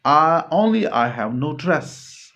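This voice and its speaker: A man's voice: fairly high pitch, sing-song, takes it slowly, fairly bright tone, voice pushed up, full character voice. A man voicing a tearful, proud young wife who halts and repeats each phrase as she answers. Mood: upset.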